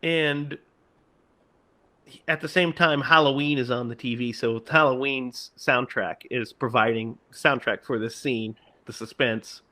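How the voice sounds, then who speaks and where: A man's voice: medium pitch, fairly even intonation, measured pace, sharp tone. A man casually retelling a horror movie's ending, laughing and quoting its lines in exaggerated voices. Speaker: podcast co-host.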